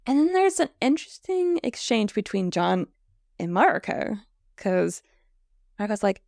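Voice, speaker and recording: Animated woman chatting about a show. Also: medium pitch, measured pace, gravelly, no echo, clean studio sound. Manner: animated, laughs often, quotes characters. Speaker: podcast co-host. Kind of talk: casual TV recap chat.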